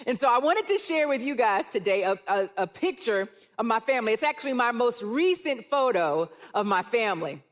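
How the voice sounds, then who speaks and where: A woman grandmother giving a sermon to a live church audience. Her voice sits a little high, and she brings her stories alive by acting out what family members said. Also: a little fast, few pauses. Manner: warm storytelling, animated quoting of others. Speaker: guest speaker, church care director.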